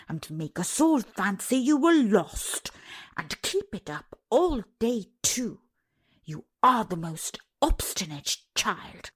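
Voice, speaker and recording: A woman's voice: fairly bright tone, husky, heavily acted. A woman voicing an angry nursemaid who scolds a child sharply. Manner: scolding, shrill.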